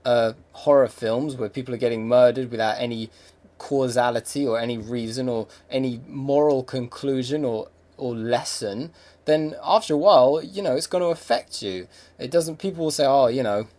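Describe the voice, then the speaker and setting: A man's voice: mid-range voice, moderate pace, darkish tone. A young English man hosting a podcast, talking in a rambling, reflective monologue with many fillers and restarts. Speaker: podcast host. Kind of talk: casual monologue.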